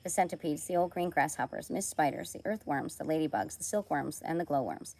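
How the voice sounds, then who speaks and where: A woman reading a children's novel aloud in a lively, expressive way. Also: deep voice, a little fast, low-quality recording. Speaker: storybook reader.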